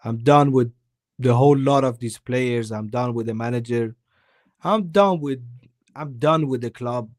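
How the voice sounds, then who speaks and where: A man's voice: mid-range voice, measured pace, no room sound, clean studio sound. A man giving a heated football opinion on a live stream, weary and emphatic, repeating himself for stress. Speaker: guest co-host.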